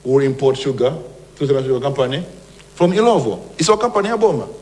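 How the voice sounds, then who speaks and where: A man's voice: mid-range voice, animated, fast, darkish tone. A man with a Malawian accent, a government minister giving an emphatic, combative press briefing. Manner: emphatic and combative, with mocking mimicry. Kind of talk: press briefing, mixing English and Chichewa.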